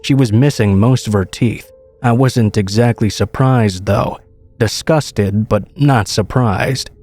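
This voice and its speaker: A man reading a horror story as scripted narration in a steady, measured way. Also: on the low side, faint music behind.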